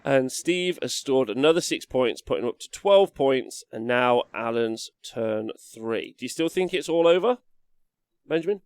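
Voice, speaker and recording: A man's voice: mid-range voice, lively intonation, normal speed, clear, resonant tone, dry recording, studio quality. A man commentating a live tabletop wargame match in a casual, chatty way with plenty of fillers.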